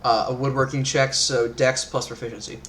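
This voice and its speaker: A man's voice: medium pitch, flat delivery, fairly quick, fairly bright tone, a little hiss or hum. A man with a Northern Midwestern accent running a tabletop game, talking casually with lots of fillers and laughs. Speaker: game master.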